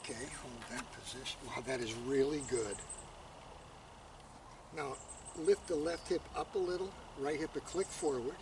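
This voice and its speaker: A man's voice: medium pitch, normal speed. Man coaching posture, distant and noisy. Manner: calm step-by-step directions. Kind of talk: instructional coaching. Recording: distant mic, noisy outdoor background.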